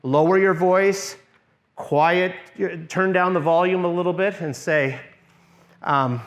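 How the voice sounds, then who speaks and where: A middle-aged man presenting a church workshop in a conversational teaching style. He often checks in with the group and drops into a soft, low voice to model what to say. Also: fairly even intonation, unhurried.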